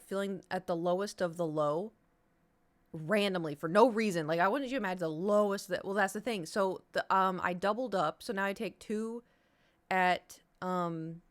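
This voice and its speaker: A woman chats to her live-stream audience in a loose, rambling way. She speaks candidly and swears freely. Her voice sits at an ordinary middle pitch. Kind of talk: casual live-stream chat.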